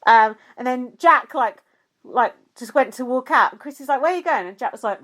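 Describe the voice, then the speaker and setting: A woman with a fairly high voice talks in a loose, animated way and peppers her chat with "like" and curses. She sounds like a co-host catching a friend up on gossip. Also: normal speed. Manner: animated retelling with lots of "like" and swearing. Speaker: podcast co-host recapping a reality show. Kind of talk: casual chat.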